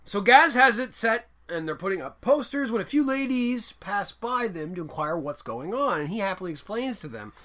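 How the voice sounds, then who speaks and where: A man's voice: sits high, sing-song, moderate pace, hardly any pauses, sharp tone. A man co-hosting a casual movie podcast, recapping scenes with crude, jokey asides. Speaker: podcast co-host.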